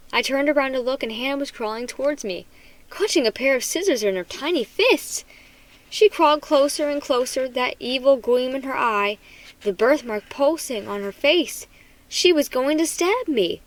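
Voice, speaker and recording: A woman reading a children's horror book aloud in an expressive, dramatic manner. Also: high-pitched, normal speed, poor audio. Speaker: storybook reader.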